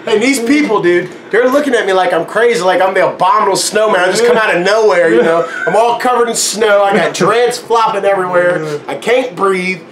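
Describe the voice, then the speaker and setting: A man's voice: high-pitched, fairly quick, hardly any pauses, crowd noise. A man casually telling a long story, acting out the voices in it and laughing often. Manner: animated, acts out quotes, laughs often. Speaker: guest storyteller.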